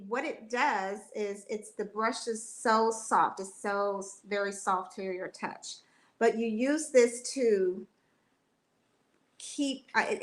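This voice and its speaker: A woman's voice: medium pitch, fairly bright tone. A woman beauty consultant giving a friendly product demonstration over a video call.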